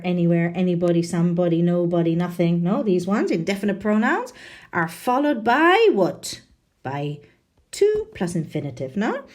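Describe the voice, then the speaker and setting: Lively woman teaching grammar. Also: medium pitch. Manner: lively and chatty, checking in with frequent "no?" tags. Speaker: English teacher. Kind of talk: grammar lesson.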